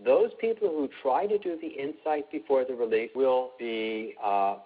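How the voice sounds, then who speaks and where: A middle-aged man teaching an emotional healing class, speaking calmly and instructively, repeating points for emphasis. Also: mid-range voice, normal speed, husky. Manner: calm, instructive, repetitive emphasis. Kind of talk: live online class talk. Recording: tinny phone-like line.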